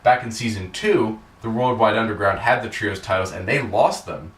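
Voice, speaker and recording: Rambling man with a bright, echoey sound. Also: lowish voice, moderate pace. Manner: rambling, filler-heavy, profane. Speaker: podcast host. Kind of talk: casual recap chat. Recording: echoey room, distant mic.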